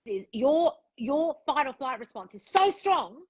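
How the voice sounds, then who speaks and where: A woman's voice: sits high, sing-song, measured pace, no echo, low-quality recording. A woman coaching a client one-on-one, frank and direct, giving instructions and acting out the thoughts she wants the client to have. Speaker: relationship and manifestation coach.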